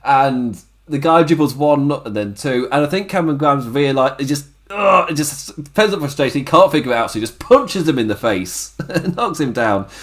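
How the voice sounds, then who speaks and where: A man's voice: medium pitch, expressive, normal speed. A man hosting a casual wrestling review podcast, laughing often and acting out the wrestlers' lines. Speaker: podcast host.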